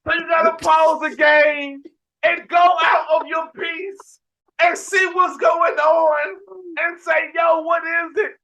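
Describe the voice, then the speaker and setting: A man hosting a casual sports podcast, telling an animated, ranting story with frequent restarts and shouted emphasis. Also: very high voice, slow pace, creaky. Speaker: podcast host.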